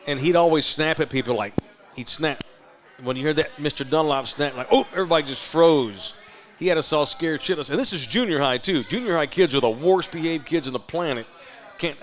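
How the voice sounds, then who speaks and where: A man from Texas, hosting a live podcast and telling a loud, profane, animated story. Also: on the high side. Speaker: podcast host.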